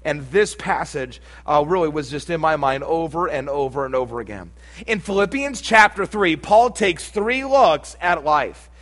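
A man's voice: on the high side, animated, normal speed, a bit bright. A middle-aged man preaching a sermon, telling a humorous personal story with folksy asides before turning to scripture. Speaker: pastor.

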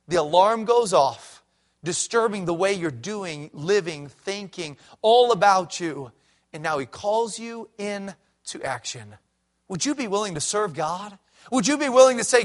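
A middle-aged man preaching a sermon as a pastor, swinging from loud emphatic peaks to low quiet passages. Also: lively intonation, measured pace.

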